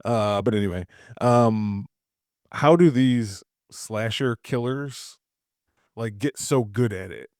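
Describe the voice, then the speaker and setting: A man's voice: lowish voice, takes it slowly, a little mellow, no room sound, clean studio sound. A man co-hosting a casual film review podcast, rambling loosely with many fillers and restarts. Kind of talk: casual chat.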